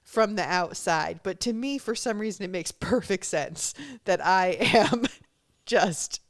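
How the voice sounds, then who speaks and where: A woman's voice: medium pitch, a little slow. A woman hosting a podcast in casual chat, speaking candidly and self-deprecatingly, laughing and swearing freely. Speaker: podcast host.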